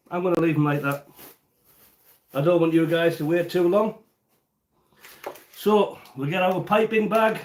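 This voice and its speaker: Casting: English man, raised-pitch chatty live-stream host, stuffy nose, small echoey home kitchen. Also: darkish tone, slight background noise. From England. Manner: chatty, rambling, answers live chat. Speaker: cooking livestream host. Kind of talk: casual live-stream chat while baking.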